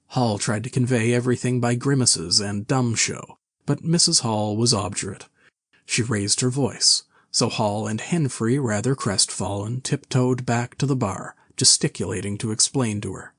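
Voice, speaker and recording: Husky low male storyteller. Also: no room sound, clean studio sound. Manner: measured, even storytelling. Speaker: narrator. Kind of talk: scripted narration of a classic novel.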